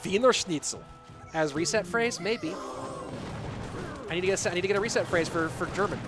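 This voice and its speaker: A man with a rather high voice casts a live game match for a stream. He calls the action in a playful, joking way and talks straight to the chat, with faint music running underneath. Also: fast talker. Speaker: esports commentator.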